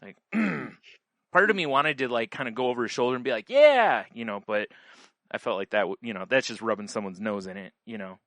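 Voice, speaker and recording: A man's voice: lowish voice, quick pace, sharp tone, dry recording. A man co-hosting a podcast, telling a story in casual chat, rambling with lots of fillers and restarts. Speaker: podcast co-host.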